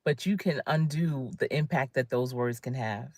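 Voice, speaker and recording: Her voice is very deep with a darkish tone, moving at a moderate pace in a clean studio recording without echo. She is a career coach in her fifties delivering an emphatic, conversational motivational talk on a livestream, calling out viewers by name.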